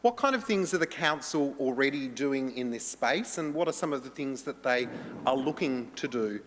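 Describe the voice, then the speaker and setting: A man's voice: medium pitch, lively intonation, normal speed, a bit bright. A man moderating a conference panel in an upbeat, playful way. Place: large conference hall. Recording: long hall reverb.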